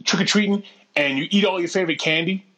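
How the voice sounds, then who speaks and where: A man chatting casually on a podcast, animated and profane, with lots of tangents. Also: high-pitched, quick pace, husky. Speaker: podcast co-host.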